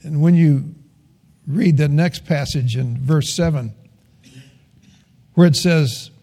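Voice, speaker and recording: An older man preaching with a mellow, warm tone, his pitch sitting a little high for a man. He tells folksy stories and leans into earnest emphasis. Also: takes it slowly, vocal fry. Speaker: pastor. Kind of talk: sermon.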